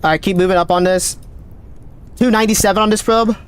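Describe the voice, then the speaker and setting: A man streaming a game live, calling out readings with excited running commentary, his voice cracking. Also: sits high, clean tone. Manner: excited, calls out numbers rapidly. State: voice cracking, thirsty. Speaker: gaming streamer.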